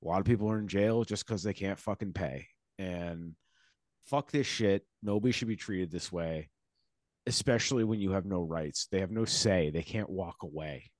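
A man's voice: sits low, no echo. A man with a Boston accent co-hosting a podcast, reading a news article aloud and breaking into impassioned, profane commentary. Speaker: podcast co-host.

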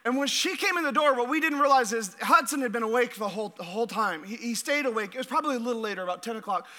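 A middle-aged man preaches with a high, sharp, bright voice. He is energetic, restarts and repeats his words, and keeps asking the congregation questions. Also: racing. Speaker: pastor. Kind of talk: sermon.

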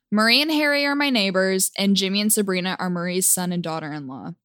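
A woman casually telling a personal story, with wry, deadpan asides. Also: medium pitch, no echo, clean studio sound.

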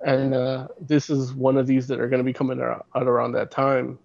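A man hosting a casual podcast, rambling along and stumbling over his words before finding his point. His voice sits in a middle pitch. The recording is a little dull and lo-fi. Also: monotone, fairly quick, creaky, darkish tone. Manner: rambling, full of fillers and restarts. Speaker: podcast host. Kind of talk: casual chat. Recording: slightly dull lo-fi sound.

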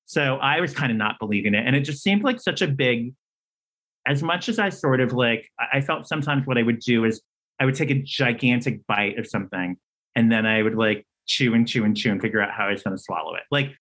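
Animated male storyteller in an interview. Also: fairly quick, poor audio. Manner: animated storyteller, acts out quoted dialogue with big pitch jumps; talkative, many fillers and restarts. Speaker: playwright and screenwriter guest.

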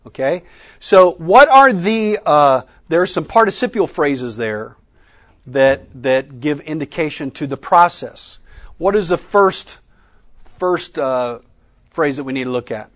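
A man teaching a conference workshop, asking the audience questions and pausing for their answers. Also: a little high, a bit bright. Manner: interactive, quizzing the audience with questions; Southern "y'all" in speech. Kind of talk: teaching session. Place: conference room with a live audience.

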